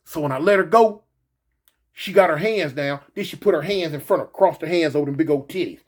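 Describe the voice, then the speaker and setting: A man telling a personal story in a casual, animated way, repeating himself and peppering it with "man" and "you know". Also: sits high, a little fast. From Los Angeles.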